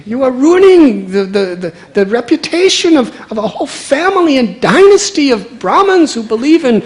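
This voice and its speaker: A man's voice: very high voice, very animated, moderate pace, voice pushed up. A man voicing a flustered devout mother who is scolding her young son and stumbling over her words. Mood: alarmed.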